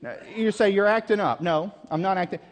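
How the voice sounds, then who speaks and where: A high-voiced man briskly preaches a camp meeting sermon, reading scripture dramatically and repeatedly calling out questions to his audience. His voice rings with the long reverb of a large hall.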